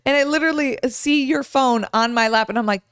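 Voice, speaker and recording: A young woman co-hosting a podcast, chatting casually and retelling her story with lively, animated quoting. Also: sits high, fairly quick, clear, resonant tone, dry recording, studio quality. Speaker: podcast co-host. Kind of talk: casual chat.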